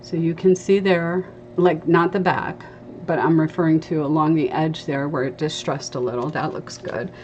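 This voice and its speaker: A woman's voice: low voice, fairly even intonation, normal speed, a little mellow. A woman hosting a live crafting stream, chatting casually and explaining each step as she sands a piece. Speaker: craft livestream host. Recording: dull lo-fi livestream audio with faint hiss.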